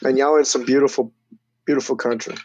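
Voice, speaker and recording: A man telling stories in casual, profane podcast chat, animated and loud on quoted lines. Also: mid-range voice, quick pace, no echo. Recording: dull, dry lo-fi recording.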